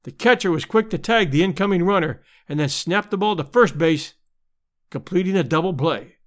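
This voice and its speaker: A man narrating a vintage sports story as an audiobook reader, telling it expressively and giving the crowd's shouts their own voices. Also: high voice, expressive, normal speed. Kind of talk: dramatic scripted narration.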